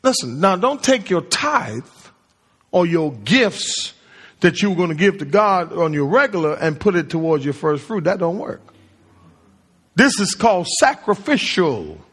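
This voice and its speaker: Excitable preacher in a reverberant hall. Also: male voice, sits high, measured pace, husky. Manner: call-and-response preaching, quizzing the congregation. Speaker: pastor. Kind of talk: sermon. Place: church sanctuary.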